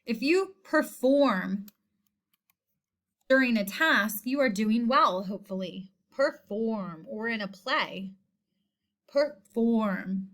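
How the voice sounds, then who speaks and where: A woman teacher giving a spelling lesson, speaking slowly and deliberately and repeating each word. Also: on the high side, lively intonation, fairly bright tone. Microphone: screen recording voice-over.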